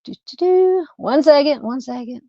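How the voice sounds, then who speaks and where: A woman's voice: high voice, lively intonation, moderate pace, mellow, no room sound. Chatty Southern woman on a dull live stream. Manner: rambling, chatty, lots of "you know" fillers. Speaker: true crime live-stream host. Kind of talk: casual live-stream chat.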